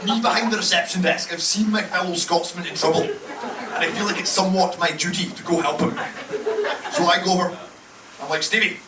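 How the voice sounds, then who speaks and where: A man's voice: high-pitched, fairly even intonation, brisk, over a noisy crowd. A Scottish man performing a stand-up comedy set, telling a brash, profane story and acting out the other voices. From Scotland. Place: comedy club stage with audience laughter. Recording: echoey club room, distant mic, loud background noise.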